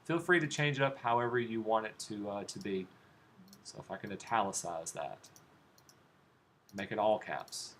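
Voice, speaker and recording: A man whose voice is on the low side teaches a design class at a moderate pace, demonstrating steps on his computer. In a relaxed way he talks through his clicks and asks students questions. The recording has faint background noise.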